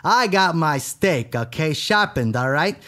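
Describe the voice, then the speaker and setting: A man's voice: on the high side, animated, measured pace, pushed and bright. Hammy joking male podcast host. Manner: joking, hammy, puts on a bad East Coast accent. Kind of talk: casual chat.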